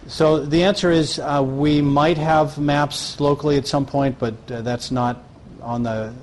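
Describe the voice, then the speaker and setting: A man's voice: fairly high pitch, fairly even intonation, unhurried, slight background noise. A man presenting at a live question-and-answer session, often stopping and restarting mid-sentence.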